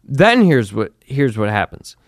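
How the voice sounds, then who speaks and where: A man's voice: mid-range voice, a little slow, no room sound, studio quality. A man co-hosting a podcast, telling a story in casual chat and acting out the people in it. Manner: animated storytelling, quotes people in acted voices. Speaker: podcast co-host.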